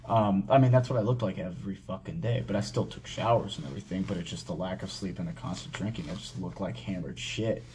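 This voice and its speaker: A man hosting a podcast, telling a personal story in casual talk, halting and full of swearing and fillers. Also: sits low, darkish tone, slight background noise. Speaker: podcast host.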